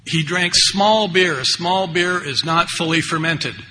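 An older man speaks slowly in a slightly high, pushed and bright voice. He's sharing at a recovery meeting, rambling and wry, with lots of conversational asides, captured in an echoey hall with faint background noise.

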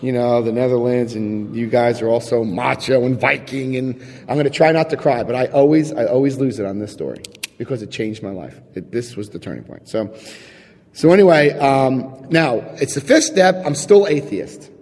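A man sharing his recovery story with a live audience, telling it in an animated, chatty way, acting out scenes and checking in with his listeners. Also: medium pitch, moderate pace, big-room sound. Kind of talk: personal testimony to a live audience.

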